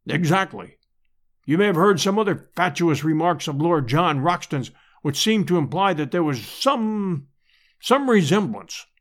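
A man voicing a pompous elderly professor who speaks formally and loudly. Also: on the high side, animated, unhurried.

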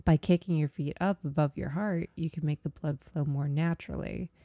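A woman co-hosting a podcast, chatty and quick to laugh. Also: sits low, steady tone, mellow, no echo, studio quality. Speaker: podcast co-host. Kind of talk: casual podcast chat.

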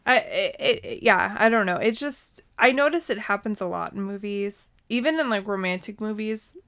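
A woman's voice: mid-range voice, normal speed, fairly bright tone. A woman in her thirties co-hosting a podcast, chatting casually with lots of fillers. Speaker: podcast co-host. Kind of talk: casual chat.

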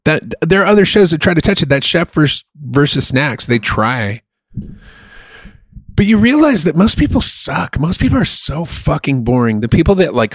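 A man's voice: a little high, no echo. Man, podcast co-host, blunt, profane, casual chat, dry recording. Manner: blunt, swears a lot, rants.

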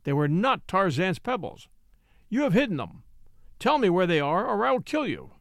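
A man's voice: high voice, sing-song, normal speed, creaky, no echo, clean studio sound, heavily acted. A man reading an audiobook, voicing a fierce grown ape-man who growls his demands. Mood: menacing. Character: fierce adult male jungle ape-man.

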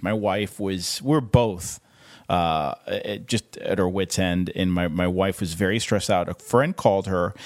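Halting man in a dry room. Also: sits low, no room sound. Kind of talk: casual conversation.

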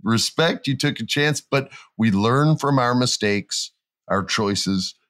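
A man co-hosting a casual talk show, telling stories with lively acted-out quotes. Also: mid-range voice, slow, no echo, studio quality. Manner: animated storyteller, acts out quotes in jumpy voices. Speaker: podcast co-host. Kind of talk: casual chat.

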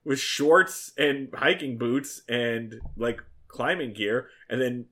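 A man's voice: mid-range voice, takes it slowly, a bit bright. A man co-hosting a casual podcast, recapping a story in an easygoing, profane way. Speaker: podcast co-host. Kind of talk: casual comedic recap chat.

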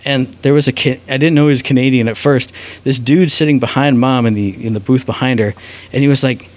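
A man's voice: mid-range voice, fairly even intonation, brisk. A man co-hosting a gaming podcast in casual chat, joking around and slipping into silly voices when he tells stories. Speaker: podcast co-host.

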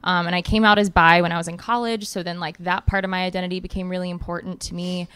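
A 23-year-old woman, guesting on a podcast, tells personal stories frankly and swears a lot. Her voice is on the low side, a bit bright and flat, delivered quickly, with a clean, echo-free sound.

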